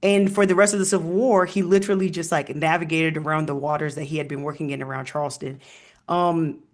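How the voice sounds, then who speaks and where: A man's voice: a little high, steady tone, brisk. A man speaking as a historian guest in a casual interview, telling stories with frequent ums and laughs.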